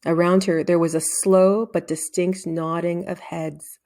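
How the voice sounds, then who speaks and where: A woman reading a children's novel aloud in an expressive storytelling manner, shifting into character voices. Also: fairly low pitch, a little slow. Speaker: reader. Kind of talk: children's book read-aloud.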